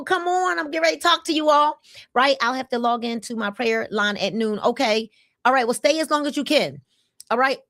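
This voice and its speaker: Woman in her 50s on a live stream, kinda high voice, hyping up viewers, repeats herself a lot. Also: no echo, studio quality. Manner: energetic, repetitive calls to comment. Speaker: livestream host. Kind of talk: casual livestream talk to viewers.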